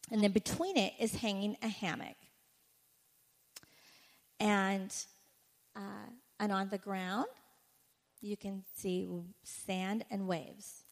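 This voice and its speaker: A woman speaker giving an animated personal testimony to a conference audience, full of "like" fillers. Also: mid-range voice, gravelly. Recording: echoey hall reverb.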